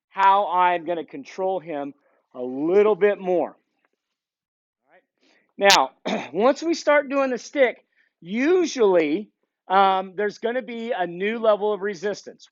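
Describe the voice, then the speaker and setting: A man teaching dog training in a casual, relaxed way with fillers, praising the dog as he goes, recorded outdoors on a camera mic. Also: sits high, dry recording, dull audio. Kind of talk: casual instructional demonstration. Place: outdoors, near a field.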